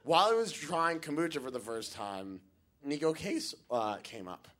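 A man doing stand-up, telling a story with a lively, swooping voice. His tone is bright and forward, and he jumps into big put-on voices for the people in the tale. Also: on the high side, normal speed. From United States. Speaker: stand-up comedian.

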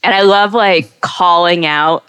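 A woman's voice: fairly low pitch, a little slow, a bit bright, smooth, no echo. A woman hosting a casual conversation, teasing and laughing often. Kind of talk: casual chat.

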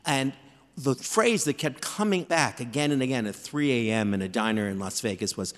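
A man in his fifties tells self-deprecating stories with animated, lively timing. His voice rings with the long reverb of a theater hall. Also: medium pitch, normal speed. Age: 50s. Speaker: author guest. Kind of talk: live stage interview. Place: theater stage before live audience.

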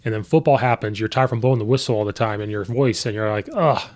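A man's voice: on the low side, steady tone, fast, a little mellow. A man hosting a podcast, chatting casually and telling coaching stories, quoting his players and himself. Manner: storytelling, quotes players and himself. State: voice sometimes hoarse from coaching. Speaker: podcast host and high school coach.

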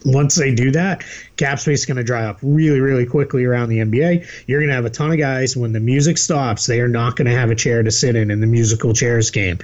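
A man with a faint Boston accent, co-hosting a podcast in casual, animated chat. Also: medium pitch, fast, lo-fi sound. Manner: animated, laughs easily. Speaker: podcast co-host.

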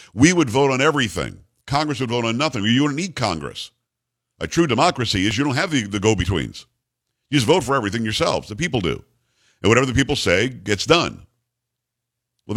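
A man's voice: medium pitch, fairly bright tone. A man hosting a political talk radio show, delivering an emphatic, ranting monologue full of rhetorical questions.

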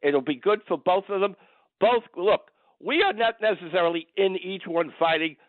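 Older guy calling talk radio, blunt and grumbly, high-ish voice, tinny phone line. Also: lively intonation, moderate pace, no echo. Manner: blunt, gruff, rambling, indignant. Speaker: caller.

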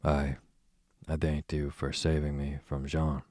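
A man reading the part of a timid, admiring young page boy in a bedtime audiobook, giving soft, humble replies. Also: a bass voice, level tone, a little slow, dry recording, studio quality.

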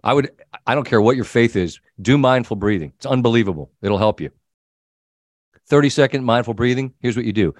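A middle-aged man hosting a sports talk show, telling an animated story and acting out the people in it. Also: medium pitch, fairly quick, no room sound, clean studio sound. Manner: animated storyteller, quoting himself and others. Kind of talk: casual storytelling chat.

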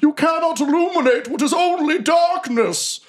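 A man voicing a huge tormented male warrior in armor who makes booming, theatrical declarations. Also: normal speed. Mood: bellowing.

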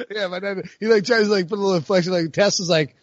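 A man's voice: sits high, quick pace, no echo, highs cut off. A man co-hosting a casual sports podcast, rambling with lots of fillers and frequent laughs. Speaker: podcast co-host.

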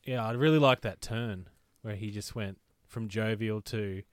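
A man chatting casually with friends about a TV show, relaxed and quick to agree. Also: fairly low pitch, no echo, clean studio sound. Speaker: podcast co-host. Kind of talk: casual chat.

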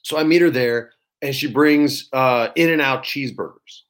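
Animated storytelling man. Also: mid-range voice, normal speed. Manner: animated, swears casually, acts out quotes. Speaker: actor guest. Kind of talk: casual storytelling.

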